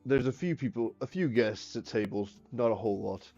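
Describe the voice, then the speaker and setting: A man narrating a tabletop role-playing game as game master, in a relaxed way. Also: medium pitch, moderate pace, highs cut off, faint music behind.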